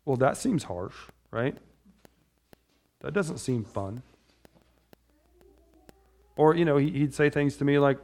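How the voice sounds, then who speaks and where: A man's voice: on the high side, animated, measured pace, long pauses, a little mellow. A middle-aged man preaching a casual, conversational sermon, wandering into personal stories and often checking in with "right?". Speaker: pastor.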